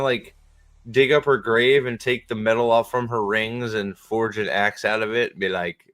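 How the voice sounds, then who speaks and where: A man's voice: mid-range voice, fairly bright tone. A man hosting a podcast in a rambling, mocking, comedic rant. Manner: rambling, mocking, with frequent restarts. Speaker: podcast host.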